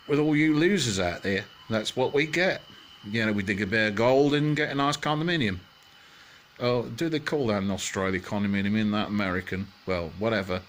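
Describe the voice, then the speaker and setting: A man's voice: lowish voice, a bit bright, a little hiss or hum. A man telling a bedtime story in a loose, chatty way, full of fillers and joking asides.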